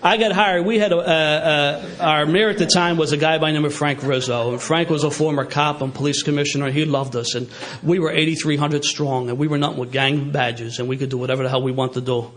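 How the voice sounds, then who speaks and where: Philly-accented man at a podium, mid-pitched to high, animated storyteller with laughter in his voice. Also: brisk, few pauses. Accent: Philadelphia. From Philadelphia. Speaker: AA speaker. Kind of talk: recovery meeting talk. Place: meeting hall with a live audience.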